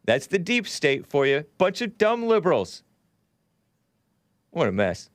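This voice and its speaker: Smooth-voiced man hosting a rambling talk show. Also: on the high side, huge pitch swings, a little slow, no room sound. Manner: rambling, sarcastic, scornful asides. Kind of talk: casual political commentary.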